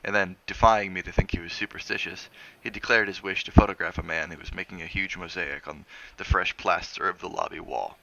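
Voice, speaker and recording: A man reads a novel aloud in a steady, measured way. His voice sits very low with a gravelly fry, yet it comes through bright and forceful. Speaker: reader of a novel on a stream.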